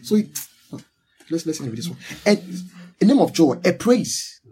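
A man's voice: a little high, very animated, normal speed, warm tone, slight background noise, rough recording. A man preaching a sermon, teaching with emphatic repetition and call-and-response with his listeners.

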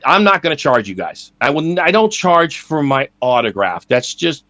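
A man's voice: fairly high pitch, sing-song, moderate pace, sharp tone, dry recording, highs cut off. Blunt, profane podcast co-host man. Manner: blunt, profane, laid-back. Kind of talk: casual chat.

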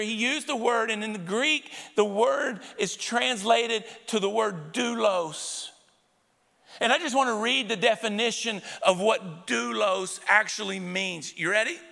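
Long church-hall reverb surrounds this pastor as he preaches emphatically to a live congregation in the sanctuary, repeatedly calling out to them. His voice sits high with a gravelly edge and a sharp tone.

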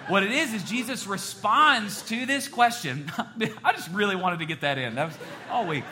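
Man, pastor, preaching a sermon, high voice, bright forceful tone, animated, joking asides. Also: normal speed, slight background noise.

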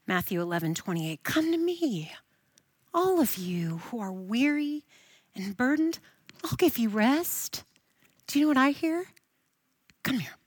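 A woman preaching a sermon, swinging from emphatic, raised lines to soft, hushed reassurance. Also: a little high, big pitch swings, unhurried, husky, dry recording.

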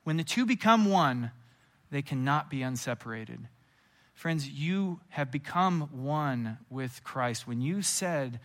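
A man preaching a sermon as a pastor. He tells Bible stories in a lively, casual way, with quick asides and acted-out scenes. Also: medium pitch.

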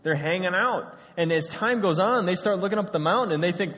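A male pastor preaching a sermon in a relaxed, storytelling way. He speaks directly to his congregation. His voice is fairly high, and a long reverb rings around the church hall. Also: a little fast, few pauses. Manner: casual, storytelling, addresses the congregation.

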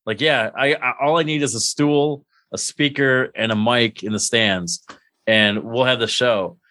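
A man's voice: mid-range voice, measured pace, bright, forceful tone, no room sound. A man hosting a casual interview, asking curious, easygoing questions. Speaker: podcast host.

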